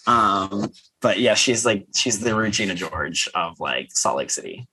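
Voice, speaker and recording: Animated man recapping reality TV. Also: unhurried, slightly rough. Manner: animated, acts out quotes in high mocking voices. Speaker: podcast co-host. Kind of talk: casual reality-TV recap chat.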